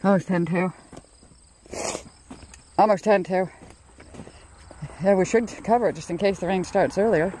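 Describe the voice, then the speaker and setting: A chatty woman from Canada films herself on a phone while working outdoors, a little breathless. Her voice sits at a middle pitch. Faint crickets and rural ambience are heard behind her. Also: unhurried, pauses often, mellow, a little hiss or hum. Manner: chatty, laughs often, talks to her cats in a sweet baby voice. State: out of breath from work. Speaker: vlogger. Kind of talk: casual vlog chat. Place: outdoors at a rural woodpile, then indoors at home. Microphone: handheld phone camera.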